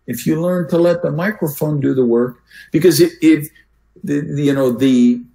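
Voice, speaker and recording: An older man, a speaking coach and podcast guest, who swings his voice loud and soft to make his points. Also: a little high, normal speed, gravelly, poor audio.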